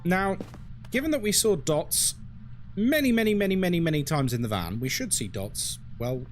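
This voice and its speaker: A man's voice: high-pitched, lively intonation, normal speed, faint music behind. A man streaming a horror game, chatting casually to viewers and ranting with frequent swearing and laughter. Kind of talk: casual live-stream commentary.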